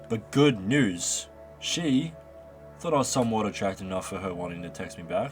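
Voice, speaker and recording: Brief: young male vlogger, low voice, loose profane storytelling, music bed clearly audible. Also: normal speed. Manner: rambling, profane, mock stammering. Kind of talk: casual storytelling monologue. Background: background music.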